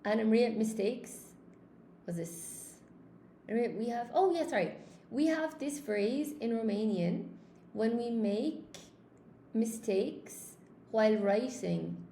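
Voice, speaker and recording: A woman from Spain teaches an English lesson live, chatting with viewers as she reads their comments. Her voice sits a little high, and the room gives it a noticeable echo over a faint hiss. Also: takes it slowly, mellow.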